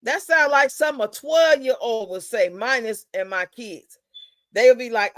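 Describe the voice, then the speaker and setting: A woman's voice: fairly high pitch, big pitch swings, normal speed, fairly bright tone, dry recording. A woman hosting a live stream, chatting casually in a blunt, profane, drawling way.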